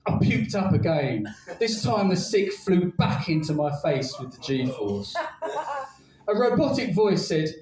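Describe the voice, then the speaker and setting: Lively man performing comic poetry live. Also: high-pitched, a little slow, music in the background. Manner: lively, wry comic storytelling with dry asides. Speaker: spoken word poet. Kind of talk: comic spoken word performance. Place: live spoken word night with an audience. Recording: roomy live venue, distant mic.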